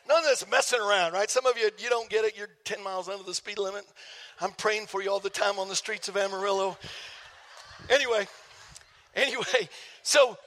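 A man, a pastor preaching a sermon, telling a story with jokes for the congregation in an animated way. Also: sits high, brisk. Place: church sanctuary. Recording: long hall reverb.

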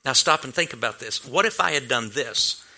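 A man's voice: mid-range voice, animated, normal speed, gravelly, sharp tone. A male pastor telling a personal story in a sermon, earnest and anecdotal, with many restarts and fillers.

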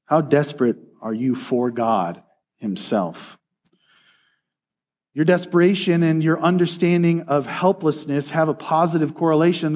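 A man preaching a sermon in an earnest way, slowing down to read scripture aloud. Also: a little high, a little mellow.

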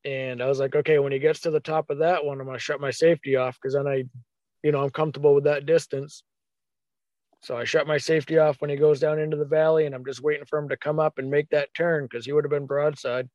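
Guy telling a hunting story, kinda high voice, dry and a bit dull sounding. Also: fast talker, dry recording. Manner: animated, acts out his own thoughts in quotes. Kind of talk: casual storytelling.

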